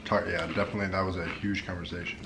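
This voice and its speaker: A man's voice: deep voice, flat delivery, rapid-fire, reverberant, heavy background noise. A young man chatting casually on a family vlog, hesitant with many fillers. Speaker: vlogger's husband. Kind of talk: casual chat.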